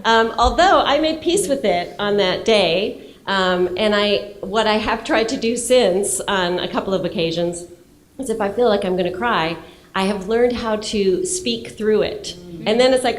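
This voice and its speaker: A woman's voice: mid-range voice, measured pace, a little hiss or hum. A woman filmmaker telling a candid, self-mocking story on a festival panel and laughing as she talks.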